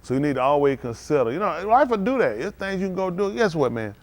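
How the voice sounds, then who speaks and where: A man delivers a sermon at a synagogue service in a conversational, folksy style. His voice sits a bit on the high side, and he talks straight to the congregation with questions. He breaks into sudden loud bursts to press his points. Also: very animated, fast. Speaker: preacher. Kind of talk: live-streamed sermon.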